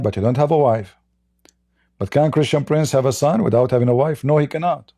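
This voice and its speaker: Gravelly-voiced man mocking on a livestream. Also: mid-range voice, mellow, no room sound, studio quality. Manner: blunt, mocking, repetitive restarts. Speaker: livestream host. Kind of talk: livestream monologue.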